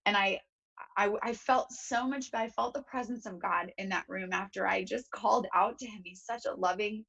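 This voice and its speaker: A woman's voice: medium pitch, moderate pace, gravelly, a bit bright, breathy edge, muffled recording. Earnest young woman giving emotional testimony. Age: young adult. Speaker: guest. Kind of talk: talk show interview.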